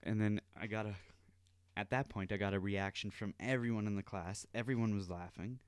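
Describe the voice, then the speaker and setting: A man's voice: on the low side, fairly even intonation, a little fast, clear, resonant tone, no echo. A young man hosting a podcast, telling a rambling story in casual talk and swearing freely. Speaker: podcast host.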